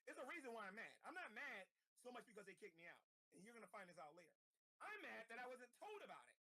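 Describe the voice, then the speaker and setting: A man's voice: sits high, very animated, fast talker, sharp tone. A man, a street evangelist, delivering an angry ranting video monologue, repeating himself and stammering as he goes.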